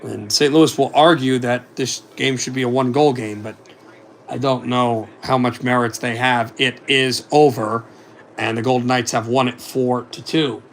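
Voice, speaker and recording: Gravelly man calling hockey play-by-play. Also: medium pitch, steady tone, slight background noise. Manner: rapid running commentary with asides on other scores. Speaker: fan play-by-play commentator. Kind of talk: amateur hockey play-by-play simulcast.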